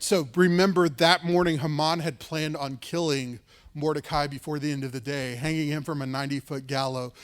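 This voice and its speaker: Man, pastor, sermon storytelling, high voice, casual and lively. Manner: casual, lively retelling with fillers like "like" and "right".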